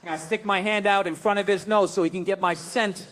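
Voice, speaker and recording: On stage, a middle-aged stand-up comedian tells a wild story in a voice notably high for a man, talking a little fast. He's profane and animated, cutting into other characters' lines as he acts them out, with slight background noise behind him.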